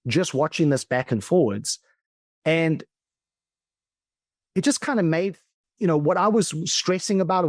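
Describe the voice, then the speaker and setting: A man from South Africa, a philosophical coach, talking as a podcast guest in a thoughtful, reflective way that often slows down and stretches words. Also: mid-range voice, no room sound, clean studio sound. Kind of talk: reflective conversational talk.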